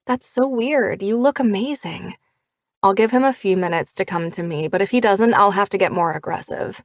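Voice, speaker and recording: A woman reading as a bold, glamorous young woman who gives brisk directions in an audiobook. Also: medium pitch, no room sound, clean studio sound, natural voice. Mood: confident. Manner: brisk, commanding.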